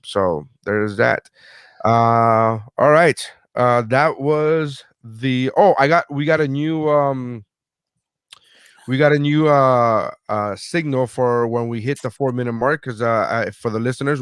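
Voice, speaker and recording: Brief: male podcast host, loose profane joker, dry close sound, mid pitch. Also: slow pace, fairly bright tone, clear, resonant tone, no room sound. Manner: profane, rambling, joking. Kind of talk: casual podcast banter.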